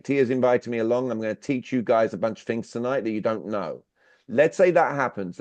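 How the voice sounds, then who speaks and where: Over dull, dry video-call audio, a workshop speaker with a medium-pitched, slightly mellow voice runs an online sales session. He talks directly and keeps firing questions at his listeners.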